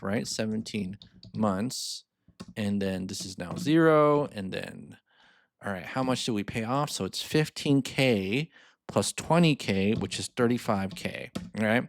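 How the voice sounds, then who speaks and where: A man's voice: lowish voice, no echo, clean studio sound. An upbeat man teaching a finance lesson over a screen share, reading figures aloud twice and checking in with the viewer. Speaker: finance mentor. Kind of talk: screen-share spreadsheet tutorial.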